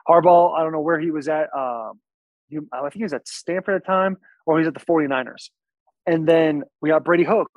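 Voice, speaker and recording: A man's voice: fairly high pitch, a little fast, no echo, low-quality recording. A young man, a pro football player, chatting as a podcast guest in a boisterous, laid-back storytelling way. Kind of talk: casual podcast chat.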